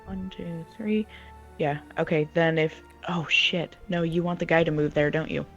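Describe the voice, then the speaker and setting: A man playing a tabletop board game, reacting quickly and counting spaces aloud. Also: on the high side, steady tone, a bit bright, lo-fi sound, soft background music. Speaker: player.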